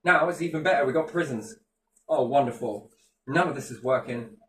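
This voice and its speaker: A man's voice: medium pitch, fairly quick, a bit bright, slight background noise. Ranting British man in an echoey room. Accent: British English. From Britain. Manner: passionate ranting with swearing. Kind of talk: casual chat. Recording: echoey room, distant mic, faint ambience.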